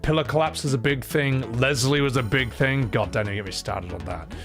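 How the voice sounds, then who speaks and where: Male streamer, gravelly, casual and loose-tongued. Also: mid-range voice, a little fast, music in the background. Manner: chatty, loose, swears casually. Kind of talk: casual live-stream chat.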